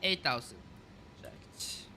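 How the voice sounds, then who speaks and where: In this casual flight sim commentary, a male streamer speaks slowly in a pushed, bright voice while flying a simulated airliner. He calls out checklist items and thinks aloud with many fillers. Slight background noise is present.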